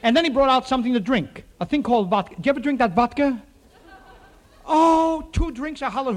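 A man telling a rambling comic story to a live audience, full of quick punchlines and asides to the crowd. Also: very high-pitched, expressive, slight background noise.

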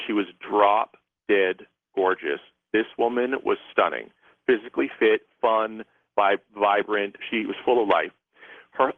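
During a radio interview over a tinny phone line, a male guest who is an author and psychic tells a rambling story, restarting many times. His voice is lowish, with no echo.

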